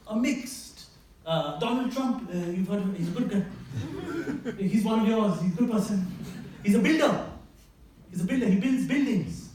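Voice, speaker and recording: A man's voice: sits high, darkish tone, a little hiss or hum. A man from India with an Indian English accent, doing a playful, teasing stand-up comedy set on a campus and often laughing at his own jokes. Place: campus hall before a live audience. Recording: echoey hall, heard from a distance.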